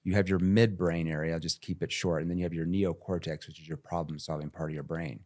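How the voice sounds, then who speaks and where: A man, a sales trainer, talking energetically in an interview and jumping into acted sales calls. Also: fast. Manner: animated, jumps into high-pitched role-play voices. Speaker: sales trainer, podcast guest.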